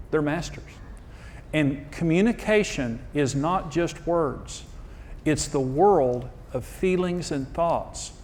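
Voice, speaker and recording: A man's voice: on the high side, a little hiss or hum. A middle-aged man preaching a humorous marriage sermon, storytelling in a folksy way and acting out quoted voices. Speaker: marriage teacher and pastor. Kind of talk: humorous sermon to a live audience.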